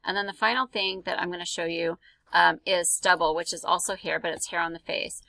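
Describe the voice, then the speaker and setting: A woman's voice: lowish voice, steady tone, fairly quick, gravelly, sharp tone, dry recording, low-quality recording. A woman art teacher talking through a drawing tutorial in a casual, chatty way, with many ums and likes. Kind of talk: screen-recorded drawing tutorial.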